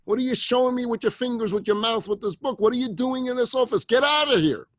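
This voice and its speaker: A man acting out a furious shouting clerk woman. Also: very high-pitched, quick pace, dry recording, studio quality, voice pushed up. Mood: enraged. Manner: yelling, raised and sharp. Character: furious middle-aged female office clerk.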